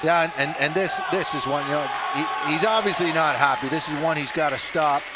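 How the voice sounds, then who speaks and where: A man doing color commentary, excitable and stammering through restarts. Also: a little high, fairly quick. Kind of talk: live sports commentary. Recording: loud arena crowd and noise.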